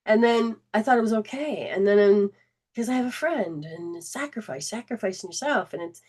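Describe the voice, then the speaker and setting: A woman hosts a spiritual self-help talk in an earnest, conversational voice. She restarts her sentences and drops into quick acted-out snippets of dialogue. Her pitch sits in a typical middle range for a woman. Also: breathy edge. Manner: acts out remembered dialogue in lively quoted voices. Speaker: host and spiritual healing coach.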